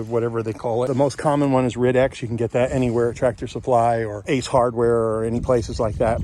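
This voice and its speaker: A man's voice: mid-range voice, a little mellow. A middle-aged man from Kentucky, chatty and joking, walking through a house and yard on a casual tour and a little winded. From Kentucky, USA. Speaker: real estate investor vlogger. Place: outdoors and inside a house on a property tour.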